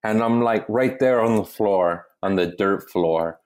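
Comedian guest with a deep low voice, animated, swears freely while telling a story. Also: male voice, unhurried. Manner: animated, profane, keeps restarting. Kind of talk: casual storytelling chat.

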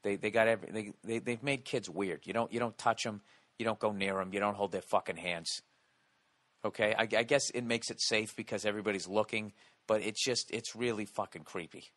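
An American man telling a comedic story and ranting, loud and animated, swearing constantly and tossing in rhetorical "okay?" asides. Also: on the low side, fairly quick. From United States. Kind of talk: profane comedic storytelling rant.

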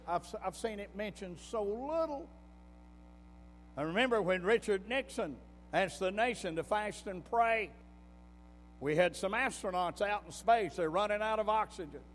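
A man's voice: high voice, expressive, unhurried, pauses often. A man preaching a sermon in a folksy storytelling manner, breaking into emphatic bursts. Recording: long hall reverb with faint music.

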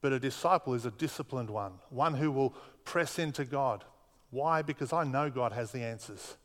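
A man's voice: mid-range voice, moderate pace. A man preaching a sermon as pastor, earnest, driving home points with repetition. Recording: long reverb of a hall.

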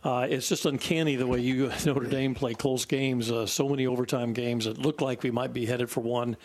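A man's voice: medium pitch, fairly even intonation, moderate pace, a little mellow. A man hosting a radio talk show live from an event venue, chatty and easygoing as he interviews his guest. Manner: chatty, easygoing, laughs often.

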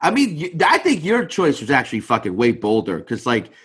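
A man's voice: mid-range voice, wildly swooping pitch, brisk, a bit bright, husky. A man in casual chat, crude and joking, swearing freely and acting out quotes in his stories.

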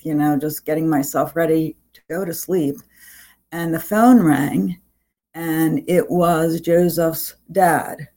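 A middle-aged woman, a guest on the show, giving a halting, emotional personal account as the mother of a murder victim. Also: lowish voice, dark tone. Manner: halting, with many fillers and restarts.

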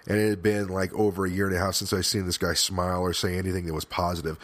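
A man hosting a podcast, talking earnestly in a personal, reflective monologue, with an emotional, halting delivery that often restarts. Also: low voice, level tone, a bit bright, no room sound. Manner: frequent restarts and fillers, swears at times. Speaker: podcast host.

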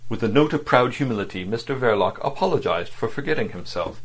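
A man narrating a novel as an audiobook reader, in a measured storytelling manner. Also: medium pitch, lively intonation, slightly rough, poor audio.

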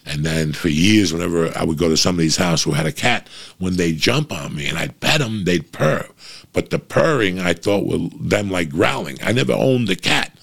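A middle-aged man with a very deep voice full of grit and fry. He rambles through a casual, profane monologue, speaking bluntly and straight to his listeners. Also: lively intonation, normal speed, a bit bright.

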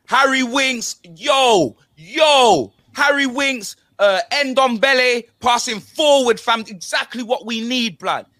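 Slangy young London guy, high voice. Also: takes it slowly, few pauses, dry recording, clean studio sound. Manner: slangy, animated banter with constant tag words. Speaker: football podcast host. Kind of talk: casual chat.

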